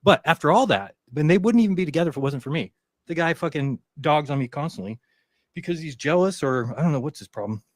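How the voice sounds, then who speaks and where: A man's voice: on the high side, fast, no room sound. A man co-hosting a casual talk show, rambling through a story and acting out what others said. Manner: rambling, quotes others in animated voices. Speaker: podcast co-host.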